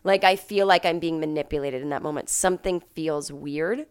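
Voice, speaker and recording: A sick woman hosting a podcast from home, telling a story in a casual monologue, coughing and clearing her throat, and acting out the people she quotes. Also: deep voice, moderate pace. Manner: animated, acts out quoted people in a raised voice. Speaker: podcast host.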